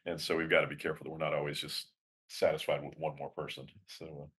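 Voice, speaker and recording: Very deep-voiced male host. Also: flat delivery, fast, fairly bright tone, breathy edge. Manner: questioning, storytelling. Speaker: podcast host. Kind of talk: interview conversation.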